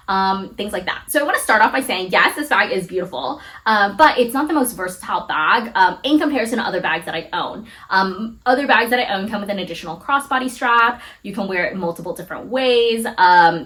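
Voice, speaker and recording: A young woman in her twenties talking casually in a handbag unboxing vlog, gushing and excitable, full of "like" and "um", teary with excitement at times. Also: on the high side. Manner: gushing and excitable, lots of fillers like "like" and "um". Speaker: luxury handbag vlogger.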